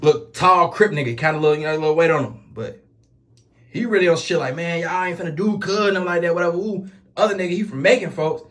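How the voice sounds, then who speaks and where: A man with a Chicago accent telling a story in casual street slang, swearing oaths as he goes. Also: on the high side. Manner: rapid, animated street slang with repeated oaths. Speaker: storyteller vlogger.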